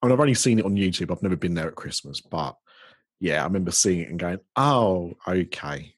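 A man's voice: low-pitched, lively intonation, rapid-fire, husky, dry recording. A British man hosting a casual podcast chat, rambling easily with many ums and restarts. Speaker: podcast host.

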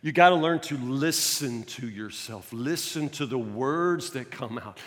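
A man's voice: medium pitch, lively intonation, measured pace, fairly bright tone, in a large hall. An older man preaching a sermon as pastor, folksy and emphatic, full of rhetorical questions.

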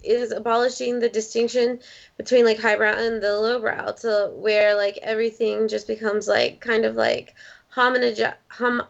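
A woman's voice: on the high side, level tone, moderate pace, vocal fry, muffled recording. A woman in casual podcast chat, talking in long rambling runs full of "like". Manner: rambling, heavy use of "like".

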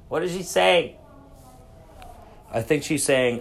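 A man's voice: medium pitch, animated, slow pace, gravelly, long pauses, a bit bright. A man casually rambling through a solo podcast story from a cruise ship cabin, swearing freely and getting sidetracked. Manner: rambling, profane, easily sidetracked. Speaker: podcast host. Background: public announcements.

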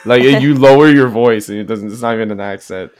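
A man's voice: medium pitch, fairly quick, a little mellow, dry recording, clean studio sound. A young man co-hosting a casual podcast, blunt and mocking in his banter. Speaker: podcast co-host.

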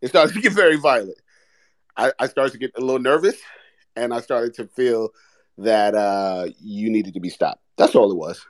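A man hosting a live audio show, easygoing and teasing, with halting restarts. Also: mid-range voice, no echo. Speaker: podcast host.

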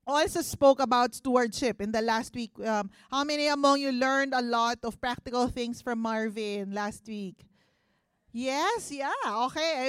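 Filipino lady pastor preaching, pretty high voice, dry close sound, chatty, keeps asking the crowd stuff. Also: clean tone, no room sound. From Philippines. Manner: conversational, mixes Tagalog into English, asks the congregation questions. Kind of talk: sermon. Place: church service.

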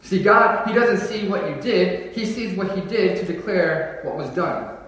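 Young male preacher, high voice, chatty sermon with emphatic calls, miked from a distance in a big reverberant hall. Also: measured pace, fairly bright tone. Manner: casual, joking, builds to emphatic declarations. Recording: echoey hall, voice from far off.

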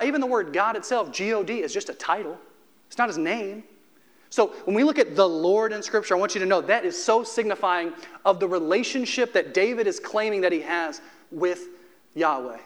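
A man preaching a sermon as a pastor, conversational and humorous, slowing down to stress key phrases. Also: sits high, lively intonation.

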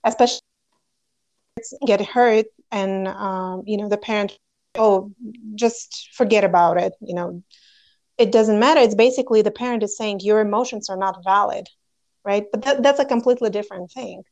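A woman's voice: mid-range voice, steady tone, normal speed, a little mellow, dull audio. A woman whose first language is Russian, co-hosting a casual podcast chat, earnest and acting out quoted voices as she talks. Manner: earnest, acts out quoted voices, frequent fillers. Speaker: podcast co-host. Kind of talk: casual conversation.

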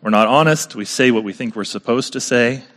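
A man delivers a sermon in a relaxed, conversational style, often asking the listeners questions. His mid-range voice carries a long reverb, as if from a large sanctuary. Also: mid-range voice, a little fast. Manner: conversational preaching with rhetorical questions. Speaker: pastor.

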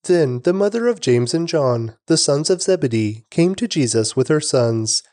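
A man narrating a scripture reading in a steady, measured way. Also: a little high, no room sound, studio quality.

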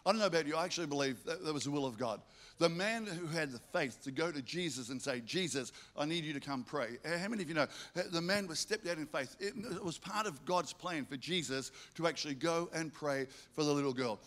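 A male pastor preaching a sermon, stacking up rhetorical questions and telling lively stories. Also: a little high, quick pace.

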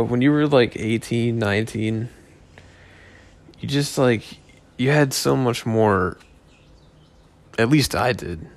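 A man hosting his own podcast, rambling casually with profane, joking asides. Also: on the low side. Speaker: podcast host. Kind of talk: casual solo podcast chat.

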